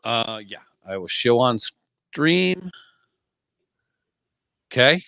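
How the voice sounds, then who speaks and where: Man, podcast co-host, lively swinging pitch, dry close sound, crude joking banter. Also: gravelly, dry recording. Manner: provocative, profane, joking, fast-shifting emphasis.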